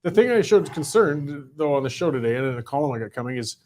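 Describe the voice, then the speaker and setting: Fast-talking panelist man. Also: fairly high pitch. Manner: rapid, animated, acts out imagined quotes. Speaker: panelist and columnist. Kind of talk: casual political panel discussion.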